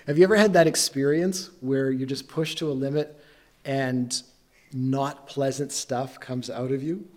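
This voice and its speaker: A man preaches a sermon in an easygoing, conversational voice that sits at an ordinary middle pitch. He tells his story loosely and pokes fun at himself, sounding like a pastor talking with his congregation rather than lecturing them. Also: fairly even intonation, moderate pace, a little mellow. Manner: conversational storytelling with self-deprecating humor.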